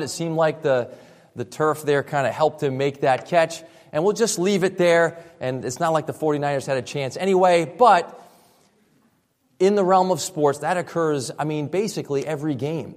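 A man preaching a sermon as pastor, speaking in a conversational way with frequent restarts. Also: on the high side. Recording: reverberant hall.

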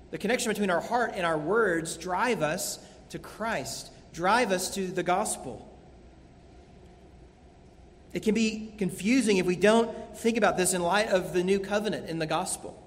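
A man's voice: sits high, slight background noise. A man preaching a sermon as a pastor, earnest and emphatic, repeating key phrases. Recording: long hall reverb.

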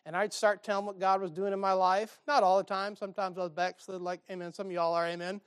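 Folksy preacher with a dry close sound. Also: male voice, high-pitched, flat delivery, quick pace, smooth, no room sound. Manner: folksy storytelling with call-and-response asides. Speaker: pastor. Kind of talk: sermon. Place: church.

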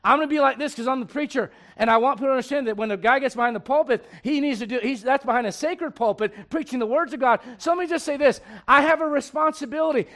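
A man preaching a sermon as pastor, moving from quiet conversational asides to shouted emphasis and laughing with his congregation. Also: very high voice, fast, few pauses.

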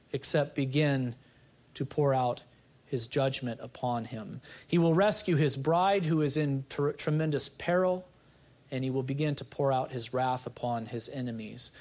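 A man's voice: mid-range voice, a little mellow. A male pastor preaching an expository sermon, earnest, asking the congregation rhetorical questions.

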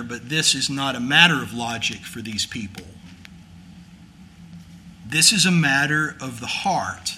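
A man's voice: fairly high pitch, sharp tone, slight background noise. A man preaching a sermon in a folksy, conversational storytelling way, rising to emphatic preaching. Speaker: pastor.

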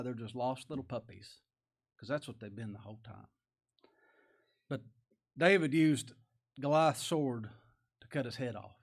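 A man preaching a sermon in a folksy, conversational way, breaking into loud rhetorical questions and dropping into soft prayer. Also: medium pitch. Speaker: pastor.

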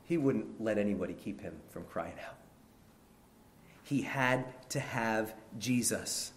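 A man preaching a sermon, telling a story with lively energy and calling his listeners brethren. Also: lowish voice, slow pace, reverberant, slight background noise.

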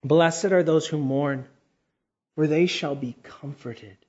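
A fervent male preacher with a high voice, rising to loud exclamations and then dropping into hushed, slow passages. He stretches out important words for emphasis. The recording sounds dull and lo-fi. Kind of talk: sermon.

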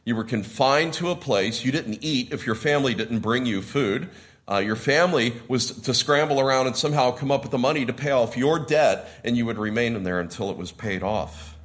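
Male pastor, sermon, explains word meanings, gets louder when quoting the characters. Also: lively intonation, brisk. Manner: rises in pitch and volume when quoting the characters.

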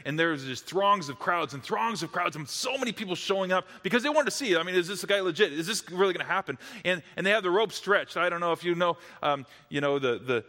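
A man's voice: high voice, bright, forceful tone, long reverb tail. A man preaching a sermon as a dramatic story, dropping to near-whispers at the tense moments.

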